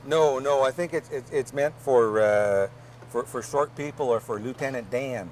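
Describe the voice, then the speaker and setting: A man's voice: mid-range voice, normal speed, darkish tone, slight background noise. Dry-witted Canadian man on a car show. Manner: practical, dry quips. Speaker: car review co-host. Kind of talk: casual banter reviewing a vehicle.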